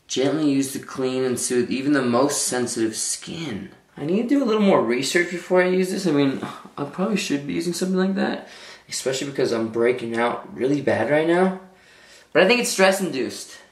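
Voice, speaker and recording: A young man vlogging casually in his bathroom, joking and self-conscious as he rambles. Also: a little high. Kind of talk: casual vlog chat. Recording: echoey bathroom, faint noise.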